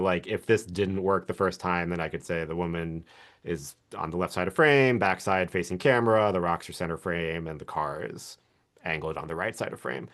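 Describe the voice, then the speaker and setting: A man walking through a software demo on a live stream, relaxed and chatty, laughing often. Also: low voice. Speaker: guest video creator.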